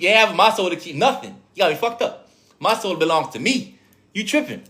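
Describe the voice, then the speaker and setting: A man's voice: high voice, quick pace, fairly bright tone. A man with an accent preaching casually to viewers as a spiritual teacher, profane and streetwise, firing off rhetorical questions. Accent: speaks with an accent.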